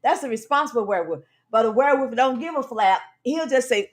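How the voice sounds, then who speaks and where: Playful woman, animated banter. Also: fairly high pitch, fairly quick, hardly any pauses. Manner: playful, animated, laughing as she talks. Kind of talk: conversational podcast banter.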